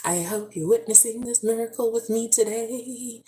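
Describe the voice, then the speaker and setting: A woman vlogger chatting casually on a livestream, reading comments aloud. She talks in an effusive, excitable way, with bursts of prayerful praise. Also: a little high, normal speed, soft background music.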